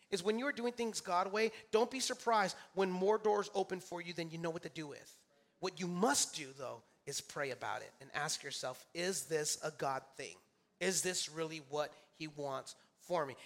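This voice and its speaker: A man's voice: high-pitched, fairly bright tone. A male pastor preaching a sermon in church, emphatic and repetitive, calling out to his congregation for responses. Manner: repeats key phrases for emphasis. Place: church sanctuary.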